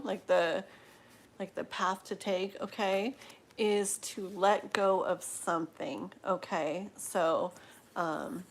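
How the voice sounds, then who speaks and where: A woman giving live tarot readings, talking in a slow, halting way with many fillers and restarts while she feels her way through the cards. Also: mid-range voice. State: emotional, laughing through tears. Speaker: tarot reader.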